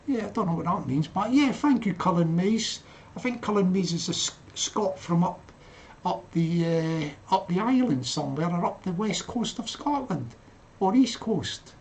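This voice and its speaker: A man's voice: high voice, expressive, moderate pace, slight background noise. An older man hosting a casual livestream, laughing often and calling himself by name in the third person. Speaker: livestream host.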